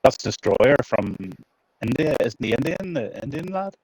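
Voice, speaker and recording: A man's voice: medium pitch, sing-song, moderate pace, creaky, a little mellow, slight background noise, rough recording. A man co-commentating an online racing league, teasing and joking with a laugh. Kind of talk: casual race commentary.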